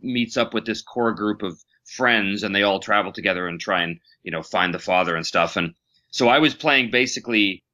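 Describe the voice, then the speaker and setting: Bright-voiced man in a self-deprecating chat. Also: fairly low pitch, normal speed. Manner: self-deprecating, storytelling, laughs often. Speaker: voice actor guest. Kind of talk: casual interview talk.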